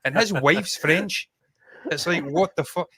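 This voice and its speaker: A man co-hosting a casual film review podcast, blunt and animated, swearing freely. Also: a little high, a little slow, breathy edge, no echo.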